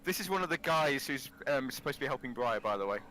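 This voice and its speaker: A man's voice: mid-range voice, lively intonation, fast talker, sharp tone. A man playing a tabletop game, playful and stammering through restarts. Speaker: player.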